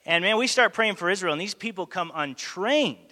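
In a space with long hall reverb, a high-pitched man preaches a little fast. His sermon includes a lively story where he performs the quoted lines himself.

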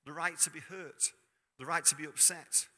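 A male preacher delivers a sermon in a ringing, sharply bright voice pitched a touch high. He keeps it conversational, throwing questions out to the congregation. His words hang in the long reverb of a church hall. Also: steady tone, normal speed.

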